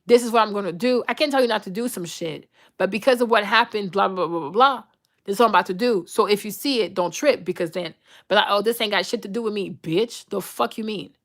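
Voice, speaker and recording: A young adult woman hosting her own show, ranting to viewers in a blunt, profane, animated way. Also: mid-range voice, fairly quick. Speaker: host. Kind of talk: uncensored casual rant to viewers.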